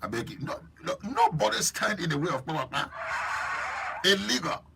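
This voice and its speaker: A man with a Liberian English accent hosting a live stream, chatting lively and preachy while teasing viewers by name. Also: high voice, a little fast, creaky, breathy edge. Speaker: host.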